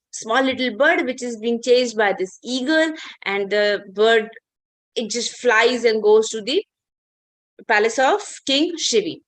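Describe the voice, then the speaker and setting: A woman's voice: fairly high pitch, dry recording. A woman teacher telling a fable to children on a video call, patient and coaxing. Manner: patient, coaxing, many fillers. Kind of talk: online class storytelling for children.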